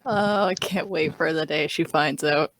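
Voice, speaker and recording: A woman's voice: low voice, measured pace, fairly bright tone, dry recording. A woman playing a tabletop role-playing game who makes giggly, blunt remarks. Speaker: player. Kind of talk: casual game chat.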